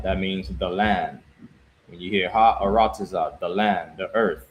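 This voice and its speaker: A man teaching scripture, reading verses slowly and pausing to explain and repeat words. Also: sits low, steady tone, slight background noise, rough recording. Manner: slow, deliberate reading with pauses and repeated words. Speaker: religious teacher.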